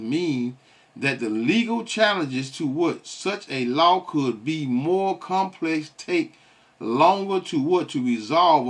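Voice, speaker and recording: A man giving casual, rambling reaction commentary on a video, stumbling over his words and mocking. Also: a little high.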